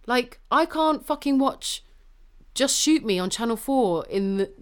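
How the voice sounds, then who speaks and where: A woman's voice: a little high, measured pace. A woman co-hosting a podcast, talking heatedly and swearing freely as she makes her points. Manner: swears freely, passionate and animated. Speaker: podcast co-host. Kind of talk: heated casual conversation.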